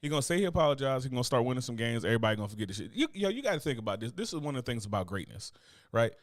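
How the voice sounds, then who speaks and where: A man's voice: medium pitch, very animated, racing, no room sound, studio quality. An American man, a podcast host, talking in a blunt, profane, joking way in casual chat.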